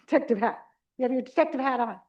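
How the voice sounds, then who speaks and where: A middle-aged woman leading a live dementia care workshop, chatty and animated, acting out little caregiver scenes and talking with the audience. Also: high voice, fast, muffled recording. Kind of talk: live conference workshop talk. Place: conference room before a live audience.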